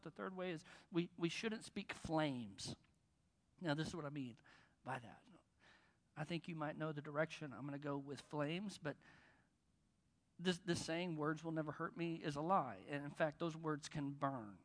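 A pastor with a somewhat high voice preaches at a moderate pace, his words carrying the long reverb of a large hall. He talks conversationally and jokes, with bursts of emphasis on key words.

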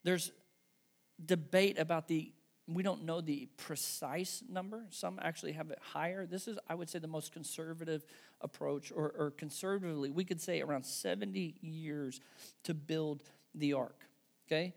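Gravelly-voiced male pastor preaching. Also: fairly high pitch, steady tone, normal speed. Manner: conversational, emphatic, tags with "right?" and "okay". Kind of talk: sermon.

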